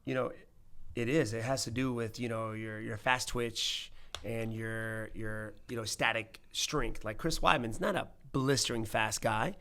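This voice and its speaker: A man in his thirties with a gravelly, creaky voice, talking in a loose and rambling way. He hosts a casual podcast chat and often trails off into a quieter mumble. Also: a little slow. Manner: easygoing, rambling, drops into a low mumble. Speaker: podcast host, pro fighter.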